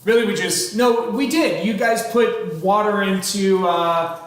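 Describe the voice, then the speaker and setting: A man's voice: high voice, a little slow. A man in his thirties teaching a chemistry class, chatty with dry sarcastic humor and asides to his students. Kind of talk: classroom lecture. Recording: very echoey classroom, faint room noise.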